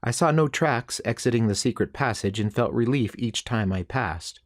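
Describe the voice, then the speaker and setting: A man reading a western novel aloud as an audiobook narrator, in a steady, unhurried storytelling manner. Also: mid-range voice, no echo, studio quality.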